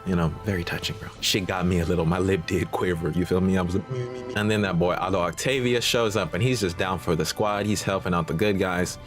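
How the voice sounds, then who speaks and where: A man's voice: low voice, fairly even intonation, fast talker, few pauses, music in the background. A man hosting a movie reaction channel, recapping the plot in a casual, slangy, profane way. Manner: slangy, profane, streetwise banter.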